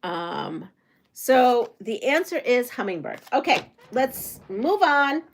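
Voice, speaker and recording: A middle-aged woman hosts a relaxed livestream, chatting away to her viewers. Her talk is rambling and friendly in tone, easygoing everyday conversation. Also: on the high side, takes it slowly. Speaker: quilting channel host. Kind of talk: casual livestream chat.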